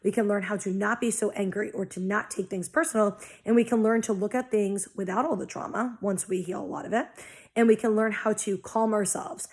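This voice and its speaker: A woman's voice: mid-range voice, brisk. Give me a young woman in a casual spiritual vlog, blunt and full of swearing, acting out her past panic. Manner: blunt and heavily profane; animated, acts out her own past reactions. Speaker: spiritual vlogger. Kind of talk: casual monologue.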